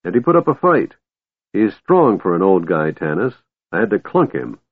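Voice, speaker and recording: A man's voice: low voice, sing-song, moderate pace, vocal fry, husky, no echo, heavily acted. A man voicing a big, simple-hearted male warrior who talks plainly and sheepishly, on a tinny, dry recording.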